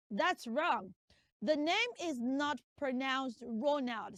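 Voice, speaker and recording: Slow, high-voiced mock teacher woman. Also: animated, fairly bright tone, no room sound, studio quality. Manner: emphatic, drilling, spells names letter by letter. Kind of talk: comic classroom lesson skit.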